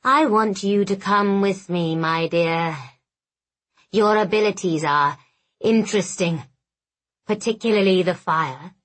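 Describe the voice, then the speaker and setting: Audiobook villain: soothing, contemptuous monster of a man, drawn-out delivery, breathy edge, read by a woman. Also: medium pitch, fairly bright tone. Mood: silky, menacing. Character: hideous male villain luring a captive girl. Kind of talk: audiobook character voice.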